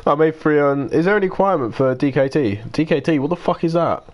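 A man's voice: fairly high pitch, fast talker, few pauses, a little mellow. A nineteen-year-old British man live-streaming, casually chatting, answering viewers by name and swearing and grumbling as he plays. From United Kingdom. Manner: swears and grumbles while playing.

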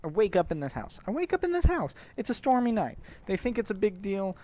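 A man's voice: high-pitched, very animated, fairly quick, a little mellow, lo-fi sound, voice pushed up. A man voicing an indignant, ranting man with a put-on Brooklyn accent. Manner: ranting, defensive, repetitive.

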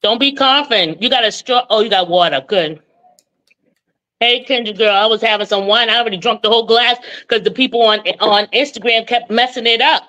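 A woman in her forties with a Boston accent speaks as a caller on a live dating show. Her voice is bright and a little high, and she rambles on and keeps cutting in. She sounds loose and casual throughout. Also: fairly quick, highs cut off. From Boston, Massachusetts. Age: 40s. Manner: chatty, talks over the host, laughs often. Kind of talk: casual call-in chat.

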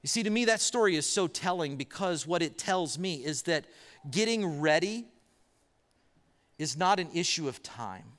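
A pastor preaching in a reverberant hall. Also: male voice, a little high, lively intonation, fairly bright tone. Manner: storytelling with pauses and rhetorical questions. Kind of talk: sermon. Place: church auditorium.

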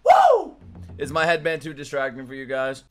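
A young man streaming anime reactions from his room, excitable and profane, often breaking into laughter. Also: mid-range voice, fast, music in the background. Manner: excitable, swears a lot, bursts into laughter. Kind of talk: casual reaction commentary.

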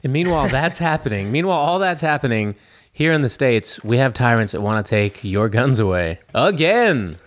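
A man's voice: mid-range voice, very animated, normal speed. Quipping co-host man. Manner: laughs along, chimes in with short quips. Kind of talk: casual comedic chat.

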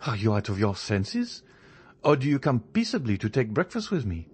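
A man reading a courteous, genial male journalist in a storybook, measured and increasingly firm. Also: medium pitch, sing-song, darkish tone, slightly rough, voice pushed up. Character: genial male journalist, friendly yet proud.

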